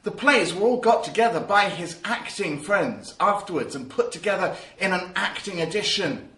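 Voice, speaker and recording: A man teaching about verse in a lively, emphatic way. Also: high-pitched, moderate pace, reverberant. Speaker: drama teacher. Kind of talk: spoken lesson.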